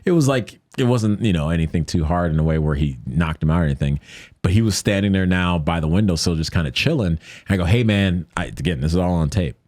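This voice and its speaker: A man telling a story as a podcast guest in casual chat, lively and jokey, often acting out what people said. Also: fast, no room sound. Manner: animated, acts out quoted lines in a higher voice; jokey, conversational with many fillers.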